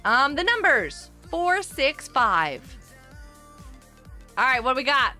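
A woman hosting a casual gameplay live stream. She chats with viewers, greets them by name and breaks into excited outbursts. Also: sits high, takes it slowly, soft background music.

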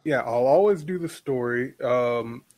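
A man's voice: medium pitch, unhurried, a little mellow, no echo. Blunt man, close and dry. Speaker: podcast co-host. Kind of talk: casual chat.

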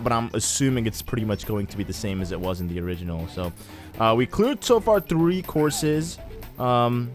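Chatty young man narrating gameplay. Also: medium pitch. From Egyptian heritage. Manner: rambling, chatty, excitable bursts. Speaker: let's play host. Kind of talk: casual gameplay commentary. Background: faint game music.

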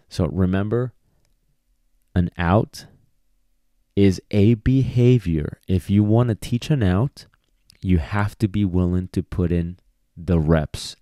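Low-voiced, dark-toned male dog trainer. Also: dry recording, clean studio sound. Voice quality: talks in a casual, repetitive way and acts out quoted dialogue. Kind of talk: solo podcast lesson.

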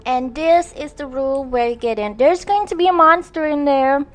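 Laughing often and poking fun at herself, a young gaming channel host chats her way through a horror video game. Her voice sits high and her pace is moderate in this relaxed let's-play.

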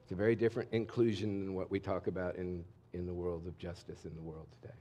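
A middle-aged male pastor preaching a sermon in a candid, conversational way, swinging between emphatic and hushed lines. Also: sits low, flat delivery, fast talker, slight background noise. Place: church sanctuary.

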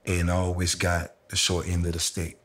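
A middle-aged man speaks in a candid sit-down conversation, his very deep voice staying low and level. He tells his story slowly and reflectively, dropping casual slang along the way. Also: completely flat delivery, fairly bright tone, husky. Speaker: interviewee sharing a personal story.

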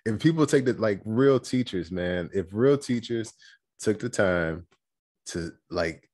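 A man, a happiness coach, chatting as an interview guest, animated and quick to laugh. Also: fairly low pitch. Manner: animated, laughs often, acts out quotes. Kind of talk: casual storytelling chat.

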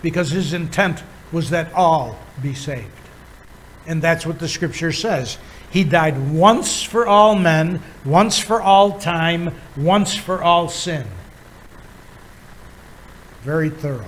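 A man teaching a Bible lesson as a pastor, pausing often with fillers while he explains words. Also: fairly high pitch, poor audio. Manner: halting, many filler pauses, chuckles while teaching.

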